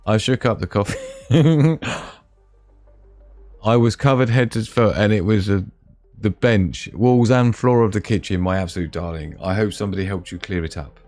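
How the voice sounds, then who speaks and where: A man's voice: lowish voice, normal speed, a little mellow, faint music behind. A man hosting a casual live stream, joking with viewers, teasing them with pet names and laughing often. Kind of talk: casual live chat reading viewer comments.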